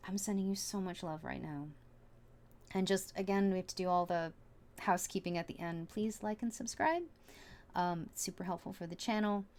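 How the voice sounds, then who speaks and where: A woman giving a casual tarot reading, chatty and earnest, full of fillers and restarts, soft and heartfelt. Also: on the low side. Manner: soft and heartfelt, at times emotional. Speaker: tarot reader.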